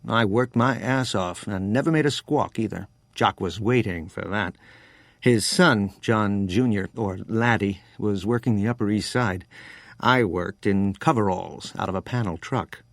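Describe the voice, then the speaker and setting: A man's voice: lowish voice, measured pace, creaky, dry recording. A man voicing a frank, world-weary American wine trader in his forties, close to his own reading voice.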